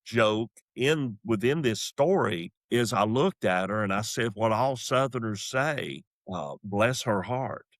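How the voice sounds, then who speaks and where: A man's voice: fairly low pitch, unhurried, hardly any pauses, dry recording, clean studio sound. A middle-aged man with a Southern accent, a comedian casually telling a story. He moves in and out of quoted voices as he talks. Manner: animated, acts out voices and quotes. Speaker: comedian guest.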